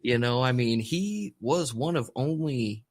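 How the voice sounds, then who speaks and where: A man's voice: mid-range voice, lively intonation, a little slow. A man hosting a podcast in casual chat, telling a history story in a rambling, swearing way. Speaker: podcast host.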